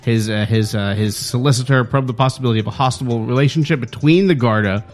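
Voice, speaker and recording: A man's voice: mid-range voice, fast talker, faint music behind. Man reading news in mock-announcer style. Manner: playful, mock-announcer delivery with laughs. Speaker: podcast co-host reading local news. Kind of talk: comedic news-reading banter.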